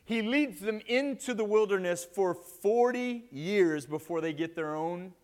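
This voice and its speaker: A man's voice: high-pitched, lively intonation, measured pace, darkish tone. A man preaching a sermon with playful jokes to a live audience after an opening prayer.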